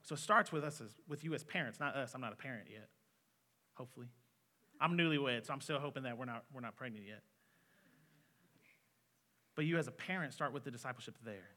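A man's voice: mid-range voice, brisk, long pauses, sharp tone. A man in his twenties preaching an earnest, conversational sermon as a student pastor in a church hall. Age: 20s. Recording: long reverb of a hall.

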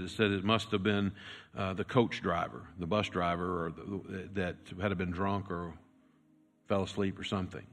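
Lower-voiced male pastor in a reverberant church. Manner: storytelling with dramatic swings from loud to hushed. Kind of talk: sermon. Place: church sanctuary. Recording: long reverb with faint music.

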